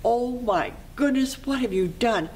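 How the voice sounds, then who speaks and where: A storyteller voicing a poor, hungry little girl in a high, childlike voice. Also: takes it slowly, recorded from a distance, slight background noise. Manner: pleading, then excited.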